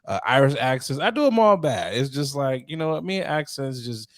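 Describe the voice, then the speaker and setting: A man's voice: mid-range voice, lively intonation, a little fast. A man co-hosting a casual podcast, joking and swearing freely. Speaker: podcast co-host. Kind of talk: casual chat.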